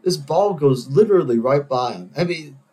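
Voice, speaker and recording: Here the podcast host sounds a little high, warm, and expressive, keeping a moderate pace. Alone at the mic, this man of Greek heritage meanders through a casual monologue, mocking himself and putting on playful voices.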